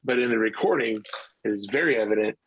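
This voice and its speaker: A man's voice: medium pitch, fast talker, fairly bright tone, slight background noise, poor audio. A middle-aged male musician telling stories in a casual interview, rambling with many restarts. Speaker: musician guest.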